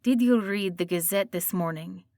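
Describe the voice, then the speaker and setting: A woman narrator voicing a stern, sharp-tongued woman baker with a Russian accent and rolled R's, in a dry, close recording. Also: mid-range voice, moderate pace, no room sound, close to an everyday voice.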